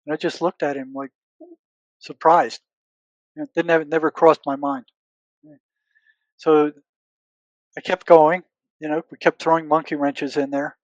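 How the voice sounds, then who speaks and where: A man's voice: on the high side, little pitch movement, normal speed, long pauses, dry recording, lo-fi sound. An older man, a retired psychotherapist interviewed as a guest, tells stories in a searching way, doubling back on his words and quoting past conversations. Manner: relives past conversations, quoting himself and others. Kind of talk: conversational storytelling.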